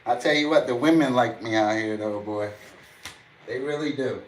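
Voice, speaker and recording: A man's voice: mid-range voice, moderate pace, a little hiss or hum. A man livestreaming in a casual, boastful, preachy way, quoting scripture at length.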